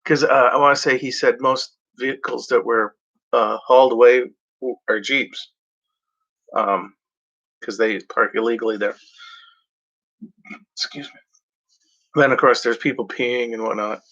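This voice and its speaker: A man talking casually as a show host, halting with many fillers and restarts. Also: mid-range voice, steady tone, gravelly, a bit bright, muffled recording. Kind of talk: casual rambling chat.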